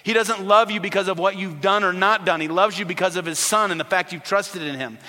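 Bright-voiced male preacher in a reverberant hall. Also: sits high, a little fast. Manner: animated preaching, drops to a soft hush for tender lines. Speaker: pastor. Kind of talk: sermon.

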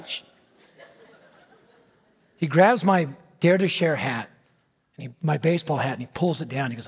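A middle-aged American man preaching a storytelling sermon, animated and dramatic, dropping to a hush for emphasis. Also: on the high side, normal speed, pauses often, husky. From United States. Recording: reverberant hall.

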